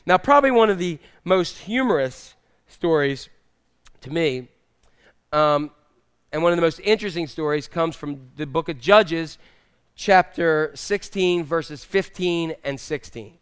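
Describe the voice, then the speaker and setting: This pastor preaches in a relaxed, humorous style and frequently teases his congregation. His voice is fairly high for a man, smooth and clear, and he keeps a measured pace.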